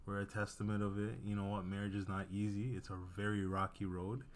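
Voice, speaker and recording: A man co-hosting a podcast, speaking earnestly with halting repeats in casual chat. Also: fairly low pitch, flat delivery, noisy background. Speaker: podcast co-host.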